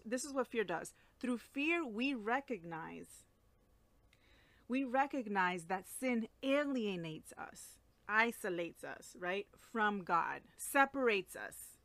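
A woman's voice: a little high, fairly bright tone, no echo. A woman giving a casual, earnest devotional talk as a Christian teacher, speaking personally with many fillers and restarts.

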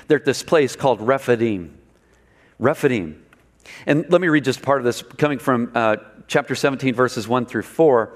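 A man preaching a sermon in a conversational way, asking the listeners questions and acting out the quotes. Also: a little high. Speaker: pastor.

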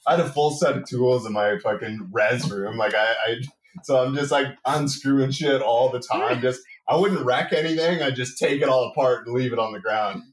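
A man's voice: mid-range voice, normal speed. Wry young man, roomy and distant. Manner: wry, self-mocking, profane. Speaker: podcast co-host. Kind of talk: casual storytelling chat. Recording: roomy sound, away from the mic.

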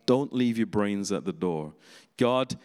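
Male preacher, fairly low voice, chatty sermon delivery, long reverb on the recording. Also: expressive, slow pace, darkish tone. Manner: conversational, with laughing asides.

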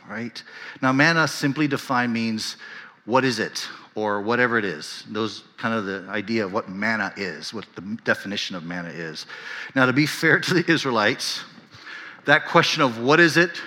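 A pastor delivers a sermon with a bright, forceful voice that carries through a big hall with a long reverb. He is conversational, keeps asking his listeners "right?", and jumps into higher, livelier tones when he acts out what other people said. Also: moderate pace. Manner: animated, acts out whiny voices and quotes with rising pitch; conversational, often tags lines with "right?".

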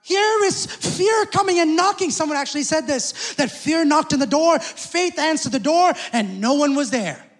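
Man, very high voice, pastor preaching, emphatic, call-outs to the congregation, long church reverb. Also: animated, normal speed, hardly any pauses. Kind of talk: sermon. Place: church hall.

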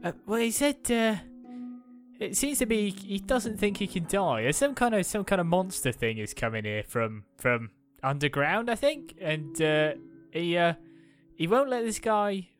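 With soft background music, a woman playing a relaxed tabletop game talks in an expressive, mid-range voice at an unhurried pace. Her manner is playful, with lots of hesitations and filler words.

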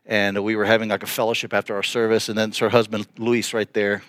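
A man's voice: lowish voice, fast talker, no room sound. Dry-sounding middle-aged preacher man. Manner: earnest, animated storytelling with restarts. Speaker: pastor. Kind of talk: sermon storytelling.

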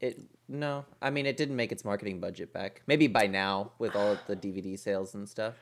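A man co-hosting a podcast in casual chat, thinking aloud with many pauses and fillers. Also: on the low side. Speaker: podcast co-host.

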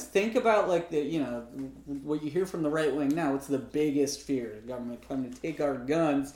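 A man's voice: fairly high pitch, normal speed, few pauses, darkish tone, echoey room. A man co-hosting a podcast, recapping a film in casual chat with wry, profane asides.

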